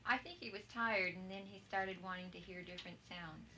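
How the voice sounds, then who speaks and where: A woman's voice: lowish voice, steady tone, a little fast, pushed and bright. A mother chatting casually about her child, listing things off one by one. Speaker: parent of an implanted child. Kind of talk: casual conversation. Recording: noisy old video recording.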